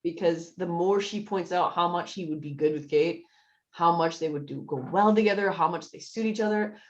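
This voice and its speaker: A woman recapping a TV show in a relaxed podcast chat, lower in pitch than most women. She tells the story in long runs and laughs often, and her voice leaps up when she quotes characters. The audio is dull and lo-fi. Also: moderate pace. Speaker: podcast co-host.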